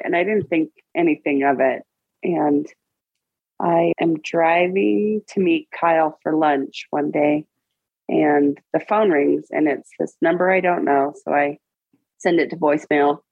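A woman around forty, a guest in an interview, tells a personal story in an emotional, halting way with many restarts. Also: deep voice, vocal fry, breathy edge, no room sound, phone-quality sound.

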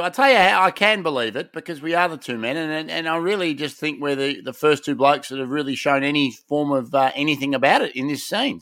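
A man's voice: a little high, animated, fast talker, hardly any pauses, a bit bright, dry recording, studio quality. A man with an Australian accent co-hosting a podcast, swaggering and rambling in casual banter with lots of restarts. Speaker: podcast co-host.

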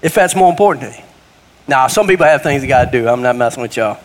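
A man's voice: medium pitch, animated, fast talker, a little hiss or hum. A middle-aged man preaching a sermon in a church, folksy and conversational, with sudden rises in force. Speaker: guest preacher. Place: church sanctuary. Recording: long hall reverb.

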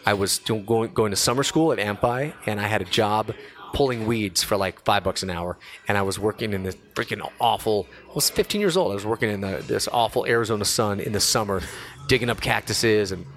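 A man in his forties, a radio host, telling a story in casual podcast chat, slangy and lively, acting out quoted voices. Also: on the low side, fairly quick.

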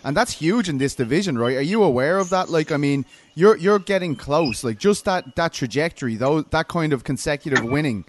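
A man's voice: a little high, expressive, brisk, hardly any pauses, slight background noise. A man hosting an interview, asking hesitant questions full of fillers. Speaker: podcast host. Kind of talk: casual interview chat.

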